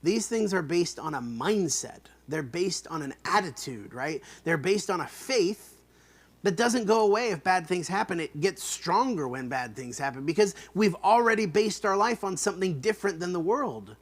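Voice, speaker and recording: A man's voice: sits high, expressive, normal speed. A man teaching an online Bible study in an earnest, emphatic way, repeating points to stress them.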